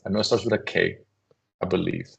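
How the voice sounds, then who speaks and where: A man, a company CEO, telling anecdotes in a casual, animated podcast conversation and acting out voices as he goes. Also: deep voice, fast, gravelly. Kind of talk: casual storytelling.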